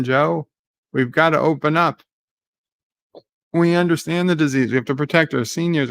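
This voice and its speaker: A man with a medium-pitched voice gives live commentary on a debate, paraphrasing the speakers, reading viewer chat aloud, and getting excitable at times.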